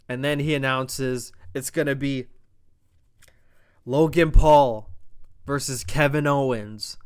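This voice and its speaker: A man recapping and reviewing a wrestling show in a casual, excitable, fast-talking way, swearing often and breaking into loud exasperated outbursts. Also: medium pitch, creaky, smooth.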